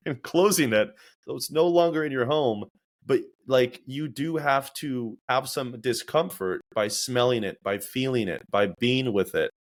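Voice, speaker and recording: A man hosting a casual podcast, talking reflectively and acting out his own inner voices as he tells stories. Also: mid-range voice. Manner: reflective, animated storytelling with acted-out inner voices. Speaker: podcast host.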